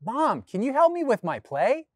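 A man's voice: extremely high pitch, huge pitch swings, moderate pace, no echo, clean studio sound, pitched above the performer's own voice, exaggerated voice. A man doing an eager curious little kid. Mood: playful. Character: curious excitable young child asking questions.

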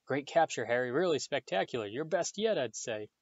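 A man's voice: medium pitch, expressive, brisk, dry recording, lo-fi sound, voice pushed up. A man reading aloud voices an enthusiastic young sports captain who sounds hearty and full of praise.

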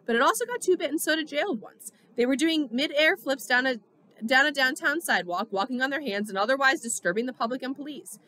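A woman narrating a novel in the first person with steady storytelling. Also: high voice, no room sound. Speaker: audiobook reader.

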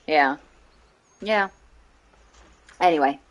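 A woman's voice: low-pitched, drawn-out words, lo-fi sound. A woman voice actor streaming a video game, chatting casually and playfully and swearing freely. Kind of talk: casual gaming stream chat.

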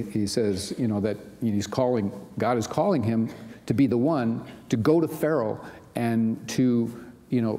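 A man's voice: medium pitch, warm tone. Conversational male pastor in a reverberant hall. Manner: conversational, many "you know" asides. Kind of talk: sermon.

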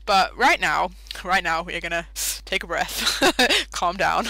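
A woman's voice: on the low side, slow pace, vocal fry, pushed and bright, no echo. A young British woman giving casual, giggly commentary while playing Minecraft, easily sidetracked. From Britain. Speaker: Minecraft let's-play host.

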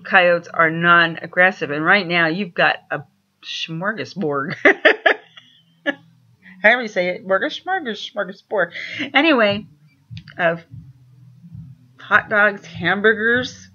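Slow, bright-voiced woman telling animal stories. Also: medium pitch, expressive. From Washington State. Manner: rambling, chuckling, frequent restarts. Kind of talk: casual storytelling monologue. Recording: dull lo-fi recording.

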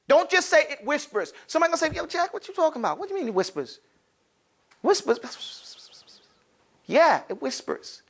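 Man, high voice, classroom teacher, lively questions, slangy asides. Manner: lively, calls on students, asks and answers his own questions; casual street slang asides. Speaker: Arabic teacher. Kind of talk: classroom lesson.

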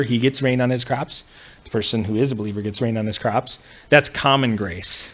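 A man's voice: medium pitch, fairly bright tone. Man teaching a church class. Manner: conversational, with frequent fillers and restarts. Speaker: pastor.

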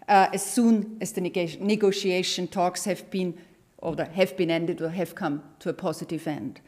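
A middle-aged woman with an Austrian accent, giving a formal, emphatic introduction at an event, with pauses and self-corrections. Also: mid-range voice, a little mellow. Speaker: party leader giving an introduction.

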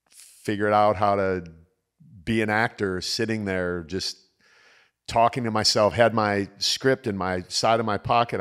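A man's voice: fairly low pitch, smooth. A middle-aged man hosting a casual chat, telling stories and acting out the quotes. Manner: animated storyteller acting out quotes. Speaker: podcast host.

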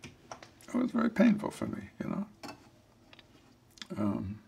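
An older man tells a personal life story in an interview, reflective and halting, with many restarts, and he acts out the voices of people he quotes. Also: mid-range voice, wildly swooping pitch, gravelly, dark tone, breathy edge.

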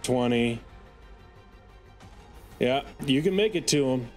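A man running a tabletop game as game master. He counts out movement and narrates the enemies' actions calmly. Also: medium pitch, slow pace, over music.

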